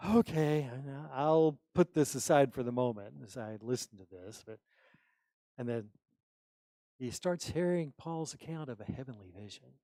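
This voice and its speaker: A man's voice: medium pitch, lively intonation, moderate pace, warm tone, no echo. A middle-aged man preaching a sermon, reading scripture aloud and explaining it in conversational asides.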